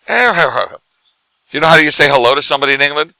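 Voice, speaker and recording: A middle-aged man, drunk, telling animated stories in casual bar chat as a guest who acts and teaches comedy. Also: fairly high pitch, racing, gravelly, no echo, poor audio. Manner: animated, laughing, tipsy anecdotes.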